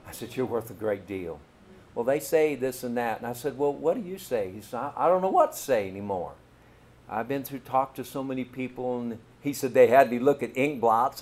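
A middle-aged man with a Kentucky accent, a pastor telling a story in a folksy, animated sermon and calling out to the congregation. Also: mid-range voice, moderate pace, a little hiss or hum.

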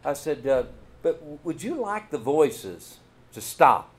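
In a slightly high voice and at a slow pace, this middle-aged pastor from Kentucky shares a story through an animated, homespun sermon, addressing the congregation directly.

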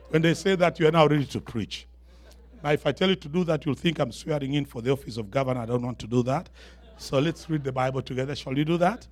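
A man with an African accent delivers a sermon from the pulpit, his voice sitting a little high for a man. He mixes relaxed, joking asides with rising, emphatic declarations and calls for the congregation to respond. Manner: builds to raised, emphatic declarations with call-and-response; quick asides with humor to the congregation. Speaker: guest preacher.

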